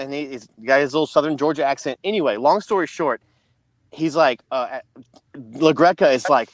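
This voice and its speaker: A man's voice: fairly high pitch, brisk, no echo. A man co-hosting a podcast, telling a long story in a casual, rambling way. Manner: rambling storyteller, many restarts. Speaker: podcast co-host.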